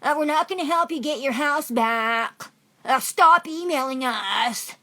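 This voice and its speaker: A woman mocking a dismissive female police officer in a high, sing-song voice with hesitant openings. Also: measured pace, pushed and bright.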